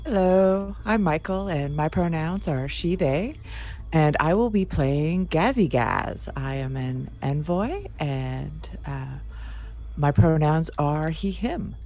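A woman player on a tabletop game podcast, introducing herself in a quiet, low-key way. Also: lively intonation, slow pace. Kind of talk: casual podcast chat.

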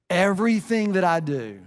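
A man's voice: high-pitched, in a large hall. A middle-aged man preaching a sermon as a pastor, earnest and conversational, often restarting his phrases.

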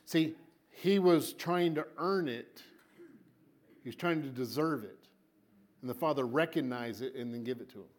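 A man preaching a sermon to a congregation. He tells the story dramatically, repeats words for emphasis, and swings between loud and soft. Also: medium pitch, moderate pace, pauses often. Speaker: pastor.

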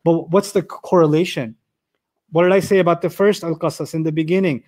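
High-voiced man teaching scripture. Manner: animated, asks the audience rhetorical questions; recites Arabic verses quickly. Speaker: Quran teacher. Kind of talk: lecture on scripture.

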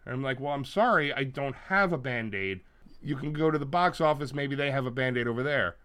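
Speaking briskly at a fairly high pitch, this podcast co-host tells stories in a relaxed, comedic conversation, swearing freely. He's an animated storyteller who loudly mimics the people in his tales.

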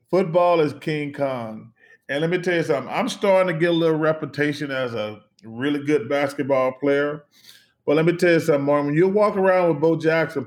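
A middle-aged man from the United States, a guest in an interview, telling stories in an animated, emphatic way, repeating phrases and swearing casually. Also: a little high. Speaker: interview guest, former basketball player.

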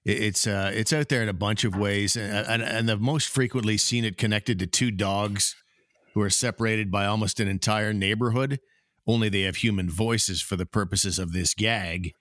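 A man's voice: fairly low pitch, fairly even intonation, normal speed, fairly bright tone, dry recording, clean studio sound. A man co-hosting a casual sports podcast, upbeat as he reads through sponsor names and chats about hockey. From Canada. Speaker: podcast co-host.

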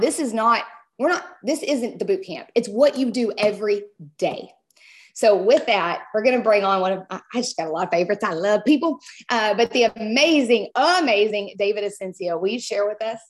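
A woman hosting a coaching session, giving a folksy, emphatic motivational talk. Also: a little high. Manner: folksy, emphatic, Southern phrasing.

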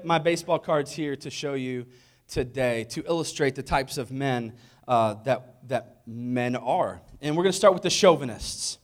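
High-voiced man giving a jokey talk. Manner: jokey, asks the audience questions. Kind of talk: humorous sermon talk.

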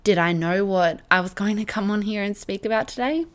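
A young woman hosting her own podcast, chatting in a warm, gushing and heartfelt way, full of casual fillers. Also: mid-range voice, a little fast. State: emotional, near tears at times. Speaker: podcast host. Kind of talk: casual solo podcast chat.

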